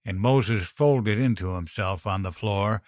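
A man reads a dark first-person horror tale in a low voice, taking his time over every line. His delivery is measured and grim. The sound is dry and close to the mic. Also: dry recording. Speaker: narrator.

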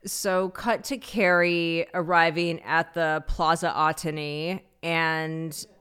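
A woman's voice: sits low, steady tone, slow, fairly bright tone, clean tone. A woman co-hosting a podcast, recapping a TV episode in wry, chatty talk. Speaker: podcast co-host. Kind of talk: casual recap chat.

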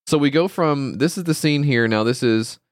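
In studio-quality audio with no echo, a male podcast co-host chats casually and rants in exasperation, swearing a lot. His voice is medium-pitched and he talks at normal speed.

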